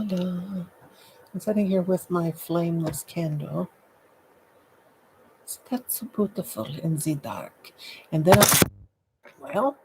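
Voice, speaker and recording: A woman's voice: low voice, a little mellow, slight background noise, poor audio. An older woman hosting a late-night live stream from home, chatty and goofy, greeting viewers by name into her laptop. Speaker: livestream host. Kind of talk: casual live chat with viewers.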